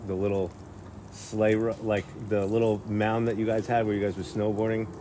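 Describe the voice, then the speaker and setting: Laid-back lower-voiced man in casual chat. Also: level tone, normal speed, warm tone, slight background noise. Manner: laid-back, chuckling, prompts others to tell stories. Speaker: friend in group chat. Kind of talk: casual chat among friends.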